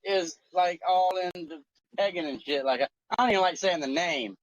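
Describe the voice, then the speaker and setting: A man in his forties on a talk show, telling a story in an animated, profane, joking way. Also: sits high, moderate pace, no room sound, muffled recording. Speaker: co-host. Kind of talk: casual chat.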